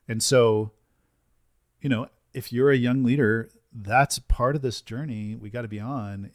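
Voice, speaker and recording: A man hosting a business podcast, talking in an energetic, emphatic way and often tagging his points with "right?". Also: fairly low pitch, no room sound, studio quality. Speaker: podcast host and business coach. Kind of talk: casual podcast conversation.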